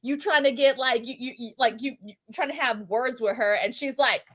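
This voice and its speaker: A woman chatting casually as a podcast co-host, excitable and profane, telling it with lots of energy. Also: high voice, brisk. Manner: excitable, profane, animated storytelling. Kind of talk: casual chat.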